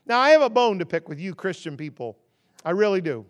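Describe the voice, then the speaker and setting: A man preaching as a guest, stacking rhythmic contrasts that swell loud and then dropping into a relaxed, conversational and humorous storytelling tone. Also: fairly quick. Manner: rhythmic call-and-response contrasts, rising to loud emphasis then dropping low. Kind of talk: sermon.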